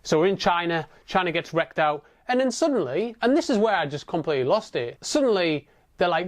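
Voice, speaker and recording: Male vlogger, casual sweary film rant, sarcastic, slightly high voice. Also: expressive, normal speed. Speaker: movie reviewer. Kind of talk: casual ranting film review.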